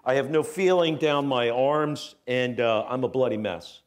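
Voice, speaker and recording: A middle-aged man giving a talk at a spiritual center as guest speaker, telling a personal story with animated, self-mocking delivery and acting out voices. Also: medium pitch, measured pace. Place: church hall. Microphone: handheld microphone.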